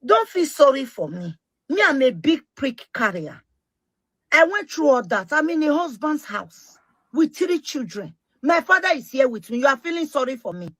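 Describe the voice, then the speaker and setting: Very animated and sitting high in pitch, a middle-aged woman with a Nigerian Pidgin English accent speaks at a moderate pace to her social media followers. Her monologue is impassioned, forceful, emphatic, and repetitive, with no echo.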